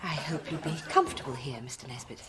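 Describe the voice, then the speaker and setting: A woman playing a prim middle-class politician's wife who speaks politely, clipped and deadpan. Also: very deep voice, fast, over loud music. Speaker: sitcom character. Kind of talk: sitcom acting. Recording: noisy TV clip.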